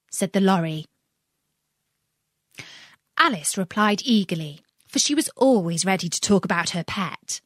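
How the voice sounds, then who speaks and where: A woman narrating a children's classic as a storybook reading, expressive and deliberate. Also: mid-range voice, no echo, clean studio sound.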